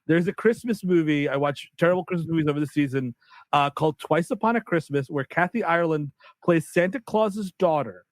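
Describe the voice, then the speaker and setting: A man's voice: fairly high pitch, brisk, no room sound. Male co-host, casual and rambling, close dry podcast sound. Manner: rambling rants, self-mocking asides. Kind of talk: casual movie review chat.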